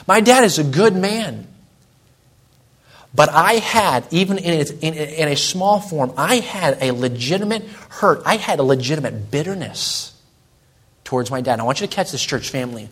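A young male pastor delivers a sermon to his congregation in a church. His voice sits a little high, and he tells a story earnestly before slowing down to stress each point. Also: lively intonation, a bit bright, slightly rough. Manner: earnest storytelling, slows and presses on key lines.

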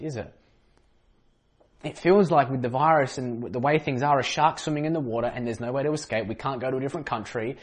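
A man with an Australian accent, a senior pastor giving an online sermon in a conversational way, with fillers and restarts. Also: fairly high pitch.

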